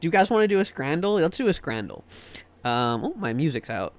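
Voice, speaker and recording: A man's voice: fairly high pitch, big pitch swings, fairly quick. A man streaming live, chatting casually and joking with his viewers, often trailing off into repeated fillers.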